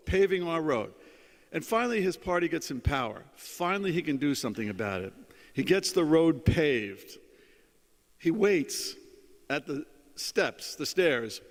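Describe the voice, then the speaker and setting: A man's voice: fairly high pitch, big-room sound. A middle-aged man giving a keynote, telling anecdotes with many ums and uhs. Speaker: keynote speaker. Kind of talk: after-dinner keynote with anecdotes. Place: conference hall.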